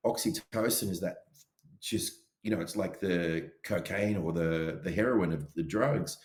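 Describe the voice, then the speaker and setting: Deep-voiced man, roomy sound. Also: measured pace. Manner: animated, acts out his inner voices. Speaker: podcast co-host. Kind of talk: casual podcast chat.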